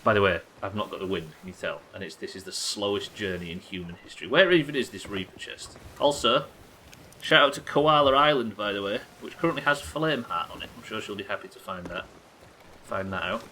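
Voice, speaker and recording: A man's voice: lowish voice, fairly quick, bright, forceful tone, a little hiss or hum, low-quality recording. A young man streaming a game live, teasing his chat with sarcastic, sweary banter. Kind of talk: live gameplay commentary and chat reading.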